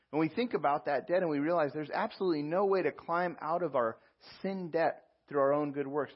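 A man's voice: fairly high pitch, husky, muffled recording. A man preaching as a pastor, reading scripture aloud and explaining it verse by verse. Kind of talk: sermon.

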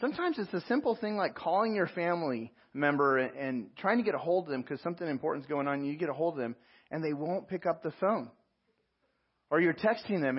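A man preaching a sermon, telling a personal story with animated asides and self-mocking laughs. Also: a little high, husky, muffled recording. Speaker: pastor.

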